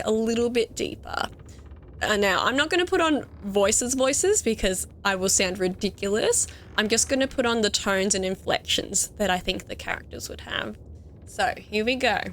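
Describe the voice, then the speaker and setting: A woman in her thirties with an Australian accent, giving gushing, excitable commentary on a game she loves. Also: a little high, slight background noise. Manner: excitable and gushing, laughs often. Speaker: let's play gamer. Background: faint game music.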